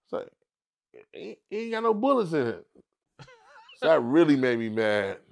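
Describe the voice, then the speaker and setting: Gravelly-voiced man telling a wild story. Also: moderate pace. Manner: animated storyteller who acts out others in high squeaky voices. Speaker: comedian guest. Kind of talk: casual storytelling interview.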